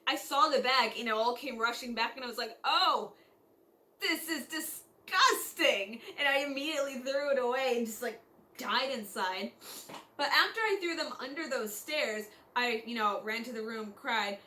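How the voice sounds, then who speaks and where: Young female vlogger, high and bright, chatty storyteller who acts out quotes. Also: normal speed. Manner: chatty, filler-heavy, acts out quotes in lively voices. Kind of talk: casual storytime monologue.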